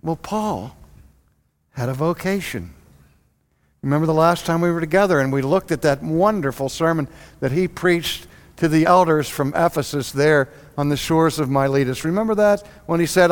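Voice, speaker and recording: A man preaching a sermon in an animated way, firing rhetorical questions at his congregation. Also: on the high side, normal speed, big-room sound.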